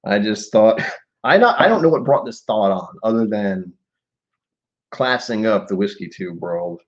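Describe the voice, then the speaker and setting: A man's voice: on the low side, lively intonation, unhurried. Rambling man on a lo-fi stream. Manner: rambling, self-interrupting, muttering asides. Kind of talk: casual live-stream chat and poetry reading. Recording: dull lo-fi stream audio.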